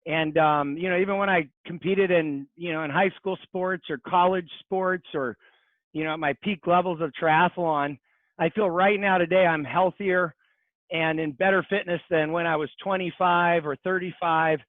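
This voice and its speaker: A man in his forties, a podcast guest, talking in an earnest, reflective way with many pauses. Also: fairly high pitch, steady tone, dry recording. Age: 40s. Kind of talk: casual interview chat. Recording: tinny phone-like line.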